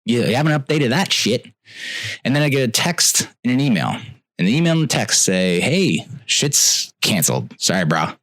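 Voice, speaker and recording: A young man, telling a comedic story on a podcast with exasperated ranting that swings from loud outbursts to low mutters. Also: very animated, a little fast, no echo. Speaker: podcast host.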